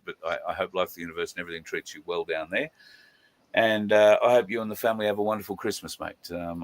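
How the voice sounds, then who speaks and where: A man hosting a casual live stream, chatting and greeting viewers by name, with many drawn-out fillers. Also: sits low, fairly bright tone. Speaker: livestream host.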